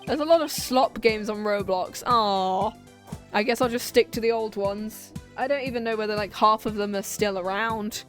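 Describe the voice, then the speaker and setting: A woman's voice: mid-range voice, moderate pace, soft background music. A young woman streamer chatting casually while she plays a game, rambling, giggling and easily sidetracked. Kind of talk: casual let's-play chat.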